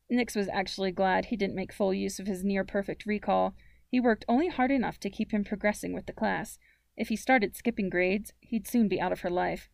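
A woman narrating a young-adult story in a calm, measured way. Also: medium pitch, creaky, no room sound, clean studio sound. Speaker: audiobook narrator.

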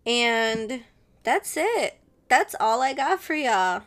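A woman's voice: on the high side, sing-song, slow pace, fairly bright tone. A woman hosting her own show, chatting casually and rambling, laughing often and switching into Spanish now and then. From Mexican family. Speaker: podcast host. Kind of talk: casual solo chat.

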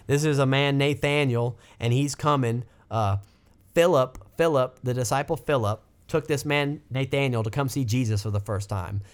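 A man preaching in a loose, heartfelt podcast talk, his pitch sitting in an ordinary middle range. He rambles and restarts, then swells with feeling when he leans into scripture. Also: moderate pace, clean tone. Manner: fervent, exclaiming, lifts pitch when quoting scripture. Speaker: podcast host teaching the Bible. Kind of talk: informal sermon.

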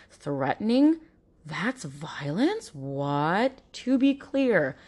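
A woman's voice: medium pitch, darkish tone. A woman hosting an informative podcast, talking earnestly and directly to listeners, now and then mimicking other people in mocking voices. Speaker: podcast host.

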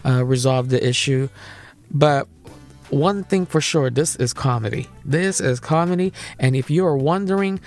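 A young man hosting a comedy podcast. He tells stories in an animated, repetitive way and laughs at his own jokes. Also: mid-range voice, moderate pace, faint music behind. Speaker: podcast host. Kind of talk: comedic monologue.

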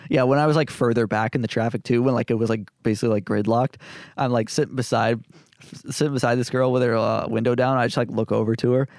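Animated male podcast storyteller, dry sound. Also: fast, dry recording. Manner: animated storyteller, acts out quotes in high voices. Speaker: podcast co-host. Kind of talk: casual chat, storytelling.

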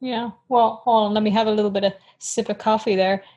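Woman, podcast co-host, husky voice, mid pitch, laughing often, rambling casual chat. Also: steady tone, brisk, dark tone, dull audio. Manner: giggly, rambling, self-mocking.

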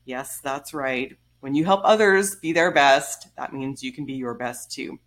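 A woman in her thirties telling a story in a casual vlog, animated and wry, blunt, swearing casually and laughing as she goes. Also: extremely low pitch, a little slow. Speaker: vlogger.

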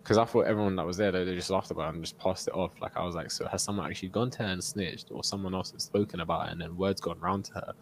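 A young man tells a long story and slips into the voices of the people in it, laughing as he goes. His voice sits very low, and a faint hum of room noise runs under it. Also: very fast, vocal fry, few pauses. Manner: animated storyteller, acts out quotes, laughs often. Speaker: podcast co-host. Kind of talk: casual storytelling chat.

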